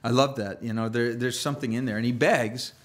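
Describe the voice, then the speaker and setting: A man's voice: mid-range voice, fairly even intonation, brisk. A man preaching a sermon as a pastor, in a loose conversational way with restarts and playful asides.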